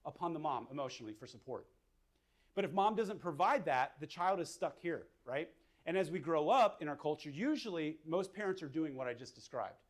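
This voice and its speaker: Man, counselor, whiteboard lecture, fairly high voice, casual, thinking aloud. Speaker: mental health counselor.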